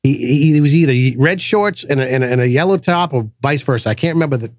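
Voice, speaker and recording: A man hosting a podcast, telling a personal story in a casual, animated way and acting out the voices of the people in it. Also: medium pitch, fast talker, no echo. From grew up in the projects. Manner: animated storyteller, acts out quoted voices, frequent restarts. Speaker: podcast host.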